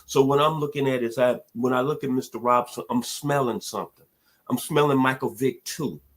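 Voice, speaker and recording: A man's voice: medium pitch, fairly quick. Emphatic male sports radio host. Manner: emphatic, punchy short declaratives and repeated catchphrases. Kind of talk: sports talk radio analysis.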